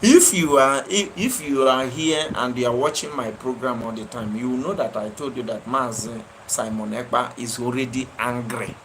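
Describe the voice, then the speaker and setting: A man's voice: medium pitch, moderate pace, hardly any pauses, noisy background. A man with a Nigerian accent hosting a live stream, answering viewers by name and scolding them with fiery, repetitive emphasis. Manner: impassioned, scolding, repeats his phrases for emphasis. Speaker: livestream host.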